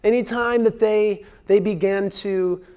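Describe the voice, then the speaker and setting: A man in his thirties, working as a pastor, gives a sermon in a smooth, high voice with a steady tone and an unhurried pace. His delivery is earnest, with key phrases repeated for emphasis and moments that fall to a near-whisper.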